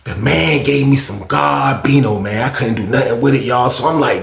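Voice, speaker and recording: Animated profane man telling a story. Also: mid-range voice, moderate pace, vocal fry, roomy sound. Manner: animated, profane, street slang, rising to agitated outbursts. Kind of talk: casual storytime monologue.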